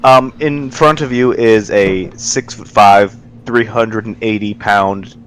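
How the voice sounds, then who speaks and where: A man's voice: fairly low pitch, slow, a bit bright. A man playing a tabletop game, talking casually and hesitantly. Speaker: player. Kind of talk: casual chat.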